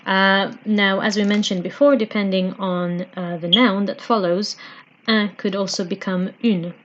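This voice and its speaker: A woman teaching a home-learning French lesson, patient and slow, repeating phrases with frequent fillers. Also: mid-range voice, steady tone, a bit bright, lo-fi sound, slight background noise.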